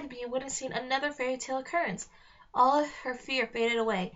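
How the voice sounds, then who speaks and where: A woman's voice: high voice, fairly even intonation, fairly quick, fairly bright tone, highs cut off. Woman reading a children's book aloud. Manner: reads aloud with small slips and restarts. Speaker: reader. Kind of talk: read-along of a children's novel.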